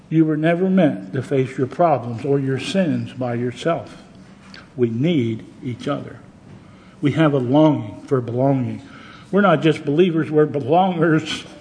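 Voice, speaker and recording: A man's voice: on the high side, a little mellow, a little hiss or hum, low-quality recording. A man preaching a sermon as pastor, earnest and plain-spoken, with conversational asides to his congregation.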